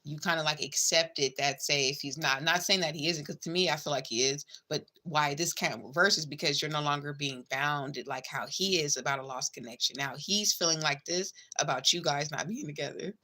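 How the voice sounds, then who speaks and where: A woman's voice: deep voice, a little fast, hardly any pauses, sharp tone. A woman giving a casual tarot reading, chatty and blunt, swearing freely and calling the listener babe and girl. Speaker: tarot reader.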